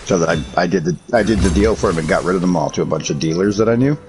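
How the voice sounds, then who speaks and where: Low-voiced man, profane and rambling. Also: very fast, music in the background, low-quality recording. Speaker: streamer. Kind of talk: casual chat while painting miniatures.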